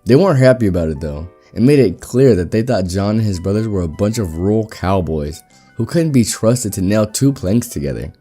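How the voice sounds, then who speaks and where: Man, story reader, low voice, mellow, steady wry delivery. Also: a little fast, soft background music. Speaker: story narrator. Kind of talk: reading an online story aloud.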